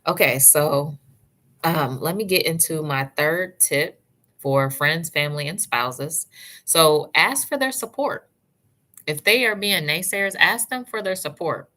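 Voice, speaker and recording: Low-voiced woman chatting on a livestream. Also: lively intonation, measured pace. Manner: warm, chatty, answers live chat by name, calls viewers sis and love; encouraging, advice-giving. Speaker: natural hair vlogger. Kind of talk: casual livestream chat.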